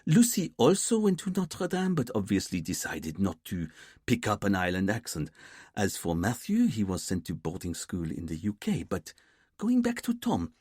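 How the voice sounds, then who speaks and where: A man voicing a young female detective sergeant who speaks quickly, eagerly and matter-of-factly. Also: lowish voice, darkish tone, breathy edge, no room sound, studio quality.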